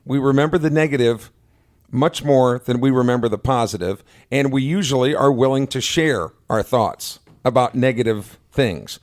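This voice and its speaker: Man, radio co-host, easygoing, quick to react, studio mic. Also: mid-range voice. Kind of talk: casual radio chat.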